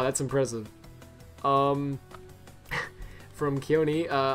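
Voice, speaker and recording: A man's voice: mid-range voice, steady tone, a bit bright, soft background music. A young man chatting casually on a game stream to his viewers, rambling with many laughs. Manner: rambling, lots of fillers and restarts, quick laughs. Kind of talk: casual live-stream chat.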